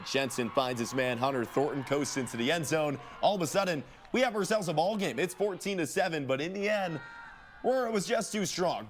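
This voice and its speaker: A man co-anchoring a high school football highlights show, calling plays with energetic, joking punch. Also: slight background noise. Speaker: sports news co-anchor.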